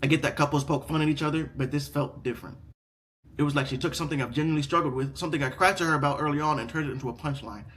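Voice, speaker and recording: Speaking very fast, a young man reads online stories aloud on his casual reaction channel, then rants about them. He repeats himself, swears freely, and lurches between loud outbursts and low mutters.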